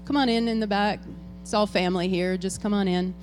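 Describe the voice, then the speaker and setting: A woman's voice: mid-range voice, fairly even intonation, brisk, a little hiss or hum. A woman serving as board president, hosting a farewell tribute and talking to the congregation in a chatty, informal way. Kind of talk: ceremony address to a congregation. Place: church hall with an audience.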